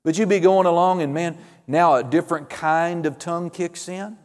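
A man's voice: fairly high pitch, moderate pace. Fervent preacher man, echoing hall. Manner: fervent preaching with amens and hallelujahs, swings from loud to hushed. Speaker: pastor. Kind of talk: sermon.

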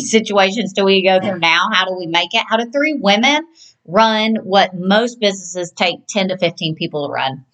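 A woman's voice: medium pitch, a bit bright, poor audio. A woman co-hosting a podcast, telling stories in a chatty, rambling way. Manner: chatty, rambling, restarts often. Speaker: podcast co-host. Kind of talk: casual storytelling chat.

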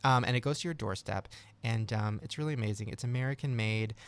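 A man's voice: mid-range voice, fast talker, clear, resonant tone. A man hosting a podcast, reading sponsor ads and chatting playfully with guests. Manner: playful, joking. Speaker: podcast host. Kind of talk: casual chat with ad reads.

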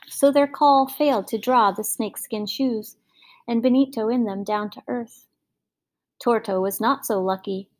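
Storyteller, female, slightly high voice; measured, expressive fairy-tale reading. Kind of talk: scripted storybook narration.

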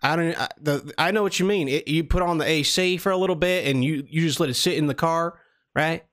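A man's voice: fairly high pitch, brisk, fairly bright tone, natural voice. A man voicing a lonely Southern country guy who stammers and rambles on a prank phone call. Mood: rambling. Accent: American Southern (put on). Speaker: prank caller.

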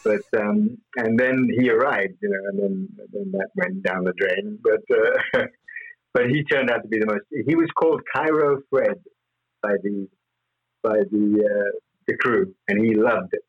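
A man's voice: on the low side, measured pace, breathy edge, dull audio. A man as interview guest, telling rambling stories with frequent laughs and fillers. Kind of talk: anecdotal interview storytelling.

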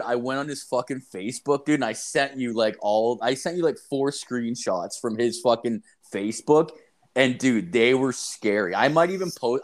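Profane rambling young man telling stories. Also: medium pitch. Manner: profane, rambling, animated storytelling with many fillers. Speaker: storyteller in a casual chat. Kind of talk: casual chat.

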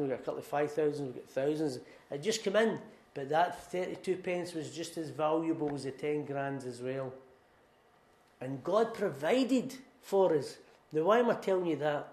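Earnest Scottish pastor, echoey room. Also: male voice, a little high, darkish tone. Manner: earnest, emphatic storytelling with repeated phrases. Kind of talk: sermon.

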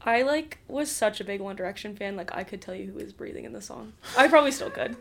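A young woman in her twenties hosting a casual chat, playful and quick to giggle. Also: mid-range voice, gravelly, fairly bright tone. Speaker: podcast host.

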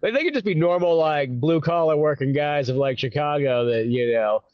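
A man's voice: on the high side, moderate pace, no echo, lo-fi sound. A young man co-hosting a podcast, talking casually and hesitantly, with many fillers and laughing along. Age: young adult. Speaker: podcast co-host. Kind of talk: casual chat.

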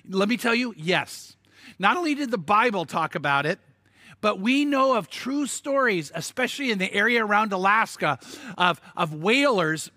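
A man preaching a sermon, telling the story in an animated way with stammered restarts and sudden emphatic bursts. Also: high voice, no room sound, clean studio sound. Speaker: pastor.

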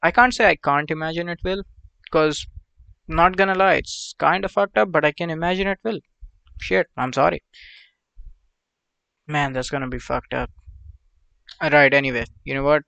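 A man's voice: fairly high pitch, moderate pace, creaky, long pauses, sharp tone, clean tone, no room sound, lo-fi sound. A man hosting a solo podcast, rambling crudely with lots of profanity, fillers and side tangents. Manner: meandering, with frequent fillers and asides. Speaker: podcast host.

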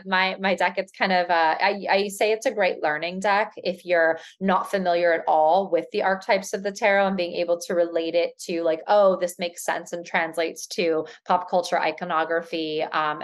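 A woman speaking in a somewhat low voice, talking freely as an interview guest. She rambles in a casual way, with many fillers and restarts. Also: fairly even intonation, normal speed, few pauses. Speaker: tarot reader and author, guest.

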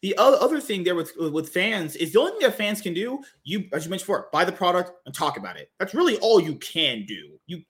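Male podcast guest, high and lively voice, emphatic casual talk. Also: fairly quick, few pauses. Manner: emphatic, repeats words, casual swearing.

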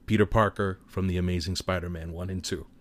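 A man with a low-sitting voice gives a casual movie review full of spoilers, moving at a brisk clip. He retells the scenes with animated, profane storytelling.

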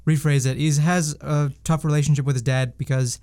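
A young man with a smooth, clear voice co-hosts a laid-back movie podcast. He rambles and restarts his sentences, and fills them with a lot of "like" and "uh.". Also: on the high side, fairly even intonation, fairly quick, dark tone. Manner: rambling, many fillers and restarts. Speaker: podcast co-host. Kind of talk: casual movie-review chat.

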